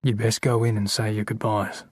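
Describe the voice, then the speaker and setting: Audiobook part: tired old man, steady and guarded, husky, read by a man. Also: fairly low pitch, normal speed, no room sound, clean studio sound, natural voice. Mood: urgent. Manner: older, wearier voice.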